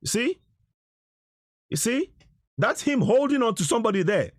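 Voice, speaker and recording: A man's voice: very high-pitched, very animated, moderate pace, no room sound, clean studio sound. A middle-aged man giving indignant commentary over video footage, insisting and repeating himself. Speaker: activist commentator.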